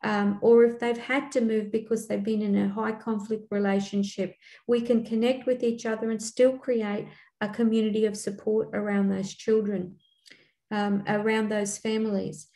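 An older woman, speaking earnestly as a community elder on a panel, pausing often with fillers. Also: medium pitch, little pitch movement, warm tone. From Australia. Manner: earnest, halting, with frequent fillers. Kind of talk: panel talk. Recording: echoey room.

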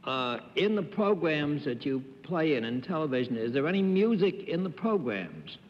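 A man's voice: on the high side, sing-song, normal speed. A man on a TV game show panel, asking questions and making wry quips. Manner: wry, quipping. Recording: dull 1950s TV studio sound with hall echo.

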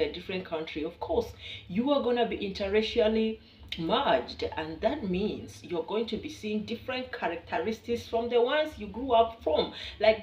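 The voice sits on the low side: a Kenyan woman vlogging casually to camera in a Kenyan accent, energetic, chatty and playful, with frequent laughs for her viewers. Slight background noise is present, and the recording comes from a distant mic in an echoey room.

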